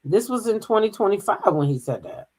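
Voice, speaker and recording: A woman's voice: medium pitch, lively intonation, a little mellow. A woman hosting a gossip channel, talking casually, humming fillers and reading news aloud. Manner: chatty, drawn-out filler hums, reads news aloud. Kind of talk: casual commentary.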